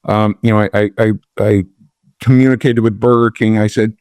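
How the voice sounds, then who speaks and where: A man's voice: on the low side, normal speed, dry recording. Middle-aged male guest, conversational storyteller, plays out the dialogue himself, dry studio sound. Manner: animated storyteller, acts out dialogue with a raised voice, many restarts. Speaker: podcast guest, real estate investor. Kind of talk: storytelling in a podcast interview.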